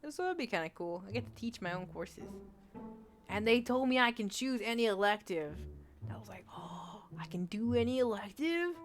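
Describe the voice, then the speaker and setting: With lively intonation and a slightly fast pace, a medium-pitched young woman in her twenties chats through a game stream, reading chat. She giggles and rambles with many fillers while faint game music plays in this casual let's-play.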